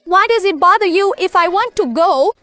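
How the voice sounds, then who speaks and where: An actress playing a defiant young wife who argues back in a family drama. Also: female voice, extremely high pitch, lively intonation, moderate pace. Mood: quarrelsome. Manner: defiant, sharp-tongued. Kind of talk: village family drama acting.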